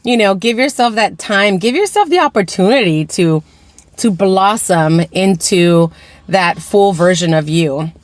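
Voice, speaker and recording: A woman's voice: mid-range voice, expressive, unhurried, no echo. A woman coaching and co-hosting a podcast, talking encouragingly and slipping into Spanish mid-sentence. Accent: Latina American English with Spanish words. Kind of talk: casual podcast chat.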